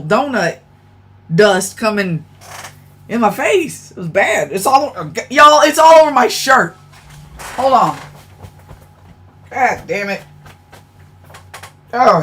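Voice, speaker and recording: A woman livestream host with a medium-pitched, fairly bright voice and a sore throat chats casually with her audience. She's blunt and profane, talking straight to her chat and calling them y'all.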